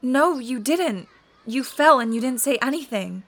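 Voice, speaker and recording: High-voiced woman in an emotional audio drama. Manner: emotional, accusing, then flat and slow. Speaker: character Erin.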